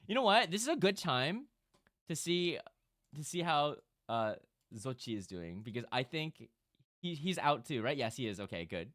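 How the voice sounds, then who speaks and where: A man streaming live, chatting casually with his audience and breaking into loud bursts of laughter. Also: a little high, sing-song, normal speed, dry recording, clean studio sound.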